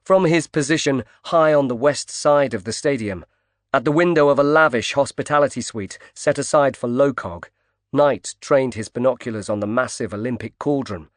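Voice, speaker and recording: A man narrating a thriller audiobook in a steady, measured read. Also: medium pitch, no echo. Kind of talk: scripted narration. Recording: dry close studio sound.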